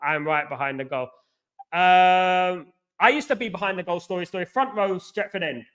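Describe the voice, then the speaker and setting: A man's voice: high-pitched, normal speed, fairly bright tone. A middle-aged man with a London accent, hosting a casual livestream chat, rambling and repeating "you know what I mean". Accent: London English. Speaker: host.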